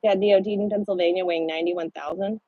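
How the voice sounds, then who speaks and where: A woman truck driver chatting casually with her livestream viewers, blunt and quick to swear. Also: fairly low pitch, fairly even intonation, dry recording, dull audio.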